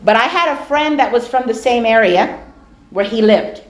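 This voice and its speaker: Animated woman telling stories. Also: a little high, normal speed. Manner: animated, acts out dialogue in her stories. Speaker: speaker giving a talk on dawah. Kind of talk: storytelling lecture. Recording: echoey room.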